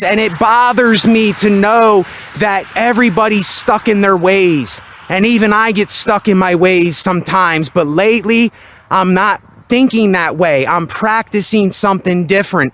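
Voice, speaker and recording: A man vlogging outdoors at night into a handheld microphone, talking loudly and emphatically in a motivational monologue. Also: high-pitched. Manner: loud and emphatic. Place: outdoors at night near his building.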